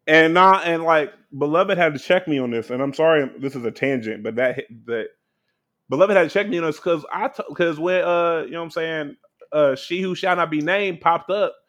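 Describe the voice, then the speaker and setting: A young man talking loosely and candidly, sprinkling his speech with fillers and curses. His voice sits a little high for a man. The delivery is relaxed, unscripted podcast chat. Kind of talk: casual chat.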